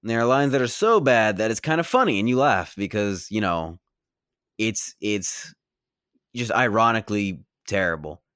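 A man co-hosting a casual movie review podcast, animated and profane, yelling now and then. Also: fairly low pitch, moderate pace, smooth, no room sound, studio quality. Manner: animated, swears a lot, yells in excited bursts. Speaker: podcast co-host.

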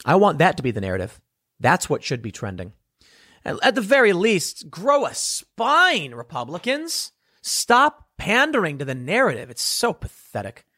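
A man's voice: high-pitched, huge pitch swings, normal speed, sharp tone, no room sound, studio quality. A young adult man delivering a blunt, sarcastic solo commentary segment, scornful and ranting. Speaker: political commentator.

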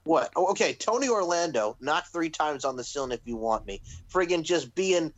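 A man co-hosting a casual podcast chat, animated, swearing freely and breaking into laughter. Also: on the high side, normal speed, no room sound, highs cut off. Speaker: podcast co-host.

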